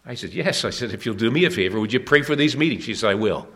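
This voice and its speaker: A man's voice: medium pitch, expressive, fast talker, fairly bright tone. A man preaching an evangelistic sermon at a church meeting, earnest and urging, with emphatic questions to the listeners.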